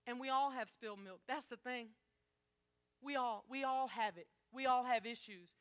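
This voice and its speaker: A woman's voice: fairly high pitch, moderate pace. A woman preaching a sermon, talking straight to her congregation in an emphatic, conversational way.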